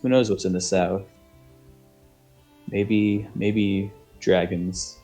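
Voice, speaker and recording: A man runs a tabletop game over voice chat, his voice sitting on the low side. He rambles and hesitates, leaning on fillers as he narrates. Faint music plays underneath. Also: flat delivery, drawn-out words, warm tone. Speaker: game master.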